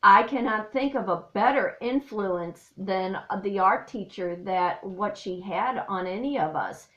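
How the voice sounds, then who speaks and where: A woman's voice: medium pitch, a little slow, a bit bright, lo-fi sound. Heartfelt rambling woman, echoey room. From Missouri, US. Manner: heartfelt, rambling, many fillers. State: choked up at times. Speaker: artist and life coach. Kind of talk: personal vlog monologue. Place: her home.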